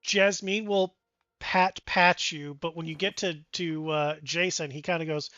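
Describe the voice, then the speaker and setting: A game master narrating a tabletop game in a relaxed, playful way. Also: mid-range voice, unhurried, no room sound, dull audio.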